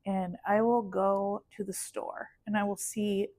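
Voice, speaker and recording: A young adult woman hosts a podcast in a relaxed, casual way, offering soft agreement and then opening up about her own feelings. Her voice sits at a middle pitch. The sound is close and dry, with no room echo. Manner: supportive listener, quick back-channel replies. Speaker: podcast host. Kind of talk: casual conversation.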